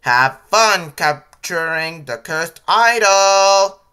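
A man voicing a cheerful grown man who drives the bus in a homemade story, talking slowly. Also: sits high, animated, bright, forceful tone, clean tone, pitched above the performer's own voice, heavily acted. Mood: cheery.

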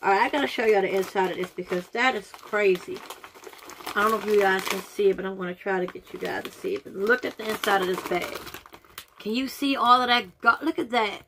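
A woman's voice: medium pitch, brisk, background noise. A woman doing a casual taste-test vlog, groaning and reacting dramatically as she talks straight to her viewers. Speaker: vlogger.

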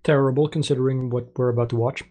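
A man co-hosts a casual podcast commentary over an online call. He speaks bluntly and often grumbles. His voice sits in a middle pitch range. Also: fairly even intonation, fast, dark tone. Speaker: podcast co-host.

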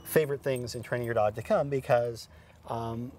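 A man's voice: mid-range voice, fairly even intonation, moderate pace, a little mellow, a little hiss or hum. A man hosting a dog training show, explaining methods in an upbeat, chatty way with many fillers and restarts. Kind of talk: instructional TV show.

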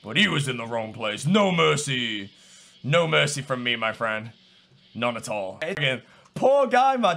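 A man giving live gameplay commentary, excitable, going from low muttering to loud shouts. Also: brisk, vocal fry. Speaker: gamer.

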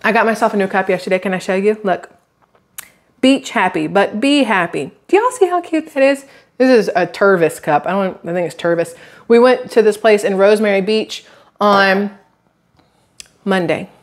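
Woman, 30s, casual vlog chat, rambling storyteller, middle pitch. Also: moderate pace. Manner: chatty, rambling, animated quoted asides. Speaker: YouTube creator.

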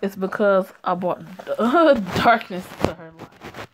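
A woman voicing a tearful, bitter young woman who speaks quietly. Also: mid-range voice, expressive, takes it slowly, slight background noise. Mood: hurt. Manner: quiet and subdued.

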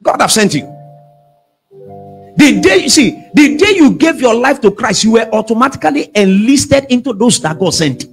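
High, lively preaching pastor, husky. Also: male voice, normal speed, soft background music. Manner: call-and-response preaching, shouting at peaks. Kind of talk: sermon.

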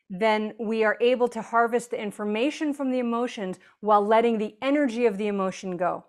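A woman author as an interview guest, explaining earnestly and now and then acting out quoted voices. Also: medium pitch. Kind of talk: conversational interview.

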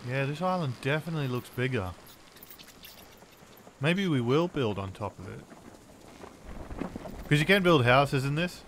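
A man giving casual let's-play commentary as host of his channel, jumpy and quick to exclaim at every scare. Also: mid-range voice, animated, fairly bright tone, a little hiss or hum.

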